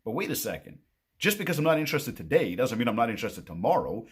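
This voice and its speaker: A man with a slightly husky voice tells an anecdote at a quick clip, his pitch swinging up and down as he plays out both sides of a phone call. He speaks as a marketing coach addressing viewers directly, in a casual, animated way. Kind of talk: casual storytelling to camera.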